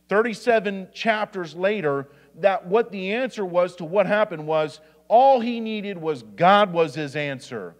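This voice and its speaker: A man with a high voice delivers a sermon as assistant pastor, reading scripture and stumbling into restarts and asides. He is recorded in a church sanctuary with a long reverb trailing his words. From Indiana.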